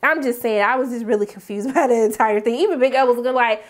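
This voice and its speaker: Animated young woman recapping a show. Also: fast talker. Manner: animated, jumping between high exclamations and low asides. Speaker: recap host. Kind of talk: casual TV recap vlog.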